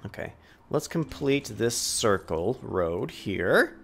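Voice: mid-range voice, sing-song, takes it slowly, creaky, background noise. Exasperated let's play host ranting. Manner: talks to the game as if it were a person. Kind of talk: gaming commentary.

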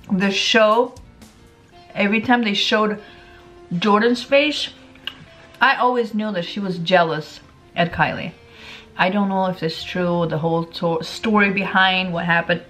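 A woman's voice: medium pitch, a bit bright, low-quality recording. A woman talking casually to her viewers in an opinion vlog, chatty and emphatic, repeating her points and eating as she speaks. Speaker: lifestyle vlogger.

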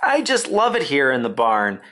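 A man's voice: mid-range voice, huge pitch swings, sharp tone, voice pushed up. A man voicing an anxious young male pig in a storybook reading, pleading and eager. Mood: worried. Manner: pleading, quick questions.

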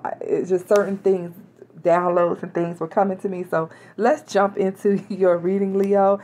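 A woman's voice: on the low side, steady tone, unhurried, warm tone. A woman reading tarot cards for her viewers in a chatty, casual way, with small laughs and restarts. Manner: chatty, laughs now and then, hesitant restarts. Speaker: tarot reader.

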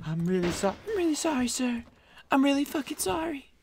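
A woman voicing a frightened, groveling female assistant who begs in a high voice. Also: big pitch swings, fairly quick, creaky, a little mellow, a little hiss or hum, exaggerated voice. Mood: pleading. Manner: pleading, high-pitched begging.

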